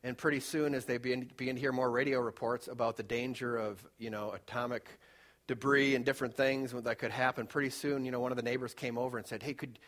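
A male pastor preaching a sermon in a conversational, emphatic way, moving between loud urging and hushed storytelling. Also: mid-range voice, fairly even intonation, quick pace.

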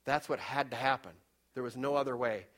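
A man's voice: medium pitch, fairly even intonation, fairly quick. Male preacher, fervent storyteller, mid-range voice, dynamic swings in volume for emphasis. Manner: storytelling, rises and drops in loudness for emphasis. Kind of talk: sermon.

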